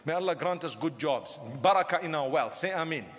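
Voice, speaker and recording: A man's voice: on the high side, expressive, a little fast, a bit bright, a little hiss or hum. A man preaching a humorous sermon to a crowd, often asking them questions. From southern Africa. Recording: long hall reverb.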